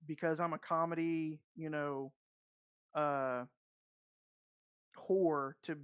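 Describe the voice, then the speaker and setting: A man's voice: on the high side, steady tone, takes it slowly, smooth, dry recording, lo-fi sound. A man as game master, chatting casually with many fillers, then narrating the scene. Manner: rambling, many "you know" fillers.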